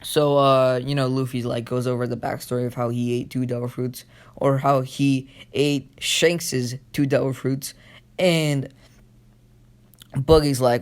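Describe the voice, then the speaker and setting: A man's voice: medium pitch, little pitch movement, a little slow. A sleepy, yawning man casually retelling a fan story, rambling with lots of fillers.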